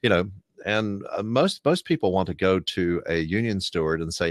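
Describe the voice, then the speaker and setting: Man, very low voice, dry close mic, relaxed rambling chat. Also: normal speed, dry recording. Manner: easygoing, rambling with many fillers. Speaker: co-host, union representative. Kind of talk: casual chat.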